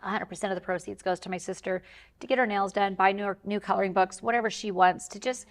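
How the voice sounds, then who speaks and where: A woman's voice: mid-range voice, fairly even intonation, fast talker. A woman speaking as a talk show guest, telling a family story in a rambling, heartfelt way with many fillers. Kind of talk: candid interview talk.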